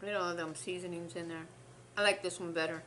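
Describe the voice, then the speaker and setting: A woman's voice: on the low side, steady tone, fast, a bit bright, a little hiss or hum. A young woman, rambling through a story between bites on her eating show. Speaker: mukbang host. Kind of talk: casual eating-show chat.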